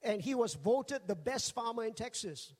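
A high-pitched man preaching from the pulpit, telling funny stories with lively energy. His voice rings out with a long hall reverb around it. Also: normal speed. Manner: jokey, animated, acts out quoted voices. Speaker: pastor. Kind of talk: humorous storytelling sermon.

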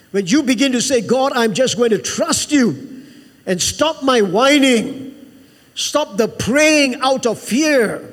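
In a large hall, a pastor with a very high voice preaches to his church. Emphatic and repetitive, he keeps calling on the congregation for an amen.

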